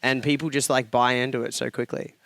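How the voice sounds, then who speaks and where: A man's voice: medium pitch, level tone, fairly quick, creaky, a bit bright, no room sound. A man who is a fitness trainer and nutritionist, explaining things in a rambling, casual way on a podcast. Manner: rambling, explanatory, with many fillers.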